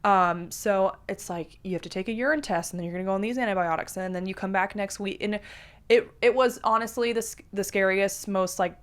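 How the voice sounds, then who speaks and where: A woman in her twenties, an interview guest, telling a personal story in animated, casual talk full of "like" and acted-out quotes. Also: medium pitch, a little fast. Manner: animated, heavy use of "like", acts out quotes.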